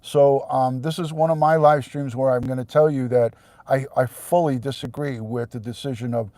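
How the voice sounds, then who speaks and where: A middle-aged retired police detective, talking blunt and profane on a live stream, sometimes heated and shouting. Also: male voice, mid-range voice, steady tone, normal speed, dry recording. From New York. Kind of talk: live stream rant to viewers.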